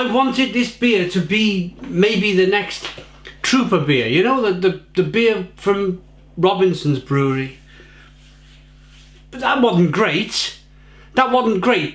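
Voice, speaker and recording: A man's voice: fairly high pitch, a bit bright. A man reviewing beer on camera at home in his kitchen, ranting with exasperation and repeating himself. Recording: roomy kitchen echo.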